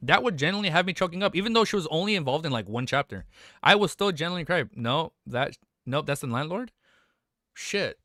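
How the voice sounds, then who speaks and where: Fairly high, bright-voiced young male streamer. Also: animated, brisk, no room sound, studio quality. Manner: casual and swearing, often emotional, exclaims "dude". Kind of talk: reading a novel aloud on a live stream with reactions.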